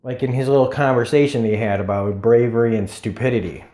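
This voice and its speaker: A man's voice: mid-range voice, fairly even intonation, fast talker, dark tone. A man casually reviewing a TV episode on camera, rambling and cursing, full of fillers like "you know". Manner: rambling, profane, with many fillers. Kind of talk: casual solo video review. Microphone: camera mic. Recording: roomy echo.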